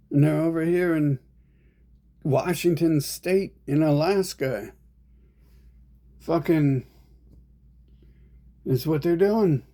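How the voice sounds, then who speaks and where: A man's voice: fairly high pitch, dark tone. A man ranting in a rambling monologue, profane and agitated, speaking as an online commentator.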